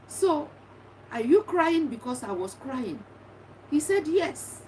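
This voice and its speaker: A woman's voice: mid-range voice, far from the mic, a little hiss or hum, low-quality recording. A middle-aged woman earnestly telling a personal story of grief, repeating herself as she reflects. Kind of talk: personal testimony monologue.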